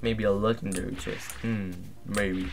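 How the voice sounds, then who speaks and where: A man's voice: little pitch movement, a little slow, vocal fry, background noise. Laid-back young man streaming a game. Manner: laid-back and low-key, flares up loud and angry at opponents. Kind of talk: casual livestream gameplay commentary.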